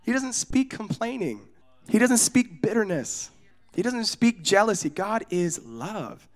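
A young man from Oregon preaching in a casual, storytelling way, animated and acting out the voices in his stories. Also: high voice, measured pace. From United States, Oregon. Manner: casual, often asks "you know what I'm saying?". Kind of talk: storytelling sermon.

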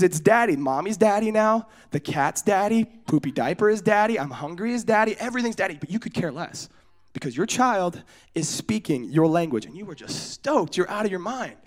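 A man from California gives a casual, joke-filled sermon in a high voice. He tells personal stories and turns to the audience with questions and asides, drifting off topic before coming back. He speaks as a young adult preacher at ease with his crowd. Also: lively intonation, normal speed. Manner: joking, storytelling, audience asides. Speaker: pastor.

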